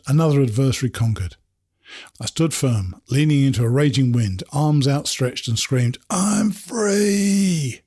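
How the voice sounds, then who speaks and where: English male memoir narrator, reflective delivery, breathy middle-pitched voice. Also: darkish tone, dry recording, studio quality. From England. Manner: measured, reflective storytelling. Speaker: narrator reading his hiking memoir. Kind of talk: first-person memoir narration.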